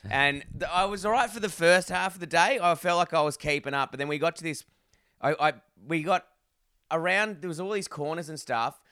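An Australian man recounting his day in a relaxed chat, cursing often and playing out what went through his head. His voice is bright and crisp. The sound is dry and close, with no room around it. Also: a little high, fairly quick, dry recording. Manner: animated, swears a lot, acts out his own inner voice. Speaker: podcast co-host. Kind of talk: casual storytelling chat.

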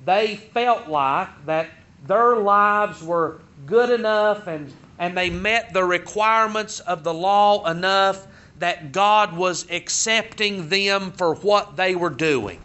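A man teaching a Sunday school Bible lesson in a conversational way, rising in pitch and force as he retells what the crowds said. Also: slow pace, bright, forceful tone. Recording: dull lo-fi recording.

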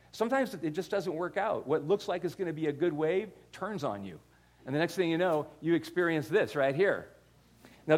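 An older man giving a sermon, telling stories in a conversational way with frequent restarts and repeated words. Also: a little high. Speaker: pastor.

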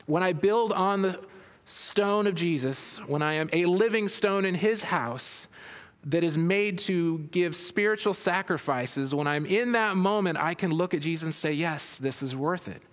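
A man's voice: sits high, unhurried, fairly bright tone. Preaching man in a reverberant hall. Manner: reads scripture aloud then expounds with frequent restarts. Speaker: pastor. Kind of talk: sermon.

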